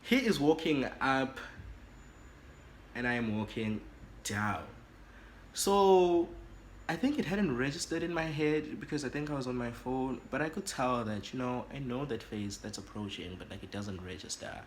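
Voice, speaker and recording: South African man, storytime vlog, animated, dramatic delivery, average pitch. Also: normal speed, slight background noise. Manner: animated and dramatic, switches languages. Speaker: YouTuber.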